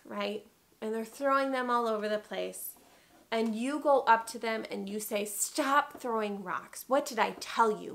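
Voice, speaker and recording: A young woman, a preschool teacher giving warm, encouraging advice straight to the viewer in a casual teaching vlog. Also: mid-range voice, gravelly. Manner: acts out soft calm teacher phrases.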